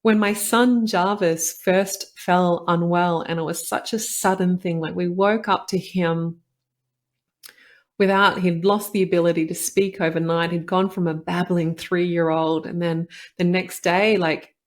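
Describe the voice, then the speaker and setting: A woman's voice: fairly low pitch, fairly even intonation, unhurried. A woman, a podcast host and doctor telling a personal story in an earnest, reflective way, often saying "like" and "you know".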